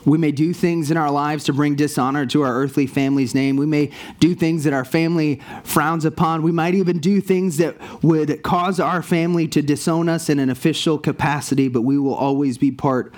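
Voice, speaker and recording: A man's voice: fairly even intonation, a little fast, hardly any pauses, a little mellow. Man preaching an earnest sermon. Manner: earnest preaching, pitch rising on emphasis. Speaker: pastor.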